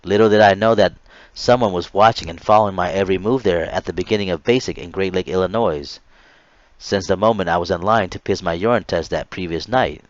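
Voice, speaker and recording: A man in his late thirties reads a chapter of his own memoir aloud in an earnest, low voice, now and then tripping over a word and starting again. The recording is dry and a little dull. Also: fairly quick, no room sound. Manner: earnest reading with small stumbles and restarts. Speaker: author reading his memoir.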